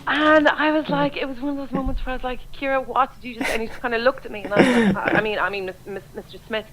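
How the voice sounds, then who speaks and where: A young Irish woman who works as a radio DJ chats as a guest, telling funny, embarrassing stories and acting out her own lines with a lot of life. Her voice is fairly high and she talks fast, over a loud crowd in a low-quality recording.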